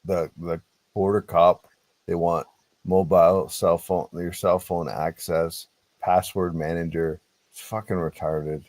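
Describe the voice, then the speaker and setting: Deep-voiced profane man. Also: a little slow, no echo. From Canada. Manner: profane, animated storyteller. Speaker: podcast guest. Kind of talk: casual podcast chat.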